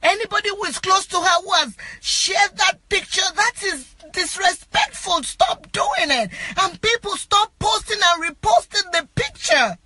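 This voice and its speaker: A distraught woman, an actress, crying and pleading from inside a car, her voice breaking into shouts as she repeats herself. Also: very high-pitched, very animated, a little slow, hardly any pauses, slight background noise, rough recording. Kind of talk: emotional self-recorded appeal.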